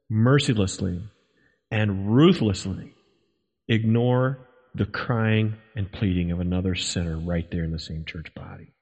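A man's voice: fairly low pitch, a little mellow. A man preaching a sermon in a church, dramatic and emphatic, pressing his congregation with rhetorical questions. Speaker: pastor. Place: church sanctuary. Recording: long reverb of a church hall.

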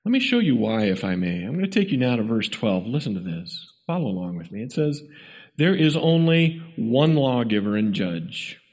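A man's voice: medium pitch, big pitch swings, moderate pace, darkish tone, breathy edge, in a large hall. A man preaching a sermon, pressing his points with emphatic repetition and rhetorical questions to the congregation.

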